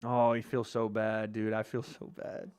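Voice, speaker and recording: An American man hosting a live fight watch party, reacting with loud, excitable exclamations. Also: on the low side, measured pace, smooth, no echo. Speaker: livestream host.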